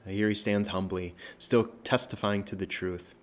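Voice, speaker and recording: Low-ish guy pastor talking through scripture, chatty, lots of uh and right. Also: fairly even intonation, normal speed. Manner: conversational, many fillers and tag questions; prays softly at the close. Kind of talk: informal Bible teaching.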